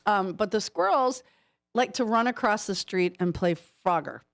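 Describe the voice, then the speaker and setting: A woman's voice: mid-range voice, normal speed, no echo. A woman co-hosting a morning radio show in a studio, chatting and telling playful little stories. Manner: playful storytelling, chatty and animated. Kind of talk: casual morning radio chat. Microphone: studio microphone.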